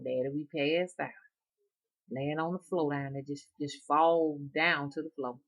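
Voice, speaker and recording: A middle-aged woman with an Alabama accent telling family stories in a folksy, meandering way, full of repetitions and digressions. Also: fairly low pitch. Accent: Southern US, Alabama. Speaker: rootworker and storyteller. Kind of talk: casual spoken storytelling.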